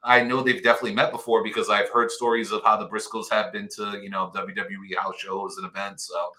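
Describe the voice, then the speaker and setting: Guy with a bright voice rambling casually, lots of you-knows. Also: on the low side, level tone, fast. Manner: rambling, fan enthusiasm, many "you know"s. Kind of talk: casual chat.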